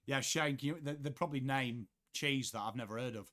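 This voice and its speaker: A man's voice: medium pitch, fairly quick, bright, forceful tone. A young man from England, chatting casually on a live sports watchalong, reading out viewers' messages and swearing offhandedly. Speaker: livestream host.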